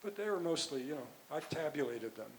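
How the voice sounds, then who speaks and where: An older man, a physician and author, answering audience questions at a conference in a rambling, halting way with many restarts. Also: on the high side, expressive, slight background noise, rough recording. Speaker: guest speaker, physician and author.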